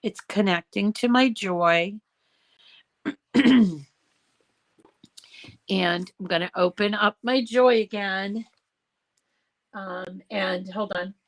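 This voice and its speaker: Slow-talking hoarse woman crafter. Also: mid-range voice. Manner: chatty, step-by-step with fillers and throat clearing. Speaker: crafting channel host. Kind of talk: casual craft tutorial.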